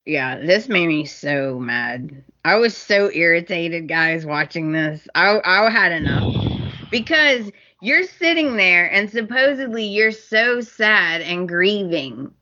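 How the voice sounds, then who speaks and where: Slow-talking woman podcast co-host. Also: fairly low pitch, lively intonation, sharp tone, dull audio. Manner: unhurried, exasperated, storytelling recaps. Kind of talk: casual chat recapping a soap opera.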